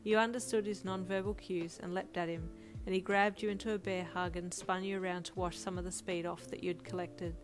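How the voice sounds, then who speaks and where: Woman narrator, second-person fanfic, soft, even, slightly low voice, music behind. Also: a little fast. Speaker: audiobook narrator.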